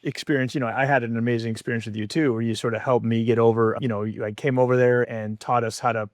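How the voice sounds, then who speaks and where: A man's voice: medium pitch, little pitch movement, quick pace, no echo, studio quality. A man hosting a podcast, asking long, rambling questions with enthusiasm. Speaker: podcast host. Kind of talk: podcast interview.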